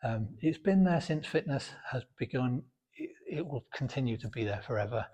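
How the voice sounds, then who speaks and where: Talking casually to camera in his home gym, a British fitness vlogger with a sore throat comes across as blunt, outspoken, and chatty, with lots of fillers. His medium-pitched voice is animated, darkish, and breathy, at normal speed.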